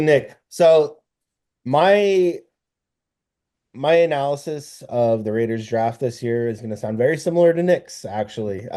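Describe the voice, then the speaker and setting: A man's voice: mid-range voice, dark tone. A man co-hosting a casual sports podcast, talking hesitantly with many fillers and self-corrections. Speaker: podcast co-host.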